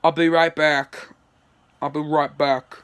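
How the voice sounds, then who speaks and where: A man's voice: fairly high pitch, flat delivery, takes it slowly, fairly bright tone, clear, resonant tone. A man voicing a worried, good-hearted male hedgehog hero who repeats his words. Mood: urgent. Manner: uneasy, repeats himself.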